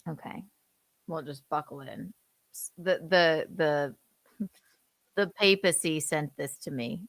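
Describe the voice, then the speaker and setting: Teasing, low-voiced woman host. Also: slow pace, dry recording. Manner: teasing, playful, deadpan jokes. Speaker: podcast host. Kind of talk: comedic casual chat.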